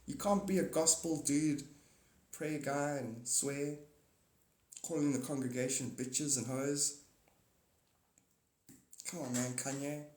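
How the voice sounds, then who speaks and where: A man's voice: mid-range voice, steady tone, takes it slowly, pauses often, darkish tone. A man chatting on a live stream, rambling and joking, swearing now and then and correcting himself. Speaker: live streamer and paid reader. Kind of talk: casual live-stream chat. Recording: roomy echo.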